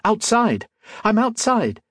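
A man's voice: unhurried, slightly rough, no room sound, studio quality, exaggerated voice. A man voicing an eager, sheltered young boy with an earnest, raised voice. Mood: excited. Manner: excited, earnest, high voice.

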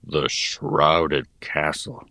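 A burly, plain-spoken ditch digger, voiced by a male narrator, calm and unhurried. His deep voice stays low and steady. The recording is close and dry. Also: no room sound, heavily acted. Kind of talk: audiobook character voice.

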